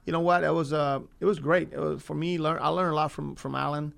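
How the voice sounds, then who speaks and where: A man, a former baseball coach, talking in a casual interview in an earnest way, often repeating himself and filling pauses. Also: a little high, steady tone, gravelly, fairly bright tone. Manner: earnest, repeats words, frequent fillers.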